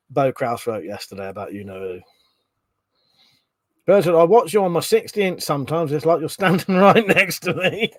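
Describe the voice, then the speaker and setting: Man hosting a casual home livestream, somewhat high voice, swears freely and mutters asides, dry close sound. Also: no echo. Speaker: livestream host reading chat. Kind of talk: casual live chat. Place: bedroom at home.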